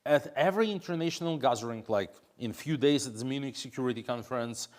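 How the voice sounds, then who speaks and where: This man from Russia, an opposition politician whose native tongue is Russian, speaks fast in a mid-range, slightly mellow voice as an interview guest. He answers in English hesitantly, using many fillers and often starting over.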